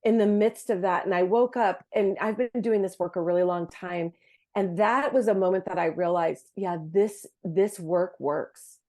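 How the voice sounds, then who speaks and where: A woman's voice: fairly low pitch, normal speed, darkish tone. A woman, a guest on a Christian podcast, telling a personal faith story in an earnest, heartfelt way, often restarting her sentences. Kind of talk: casual Christian podcast conversation.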